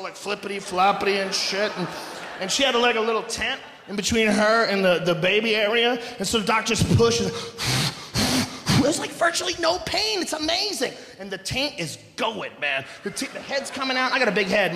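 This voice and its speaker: A man doing a loud, profane stand-up routine in front of a live audience, often breaking into shouts. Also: high-pitched. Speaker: stand-up comedian. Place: large concert hall, live audience. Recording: echoey live hall recording with noise.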